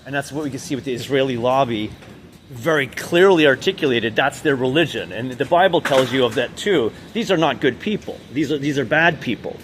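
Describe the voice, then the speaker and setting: A man talking in an unscripted monologue, rambling and halting with many restarts and fillers, and speaking with intense emphasis. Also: mid-range voice, expressive, fairly bright tone, slight background noise. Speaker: vlogger.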